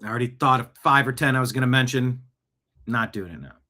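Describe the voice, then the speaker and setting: A man's voice: mid-range voice, fast talker, bright, forceful tone. A man hosting an online talk show, ranting sarcastically as he reacts to news clips. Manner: talks back at what he watches. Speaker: host. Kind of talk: political commentary reacting to clips.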